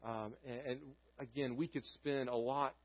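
A man preaching a sermon as a pastor, swinging between fervent, loud scripture reading and quiet, solemn warnings. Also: mid-range voice, steady tone, moderate pace, highs cut off.

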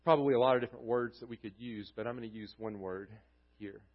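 A man preaching a sermon as pastor, earnest, his voice dropping low and quiet at the ends of phrases. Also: fairly even intonation, fast, lo-fi sound.

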